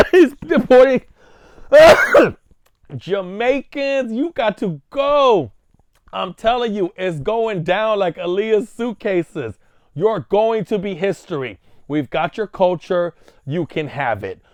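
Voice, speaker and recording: A man's voice: sits high, lively intonation, takes it slowly, no room sound, clean studio sound. A man ranting in a provocative vlog monologue, hammering the same rhetorical questions. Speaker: vlogger.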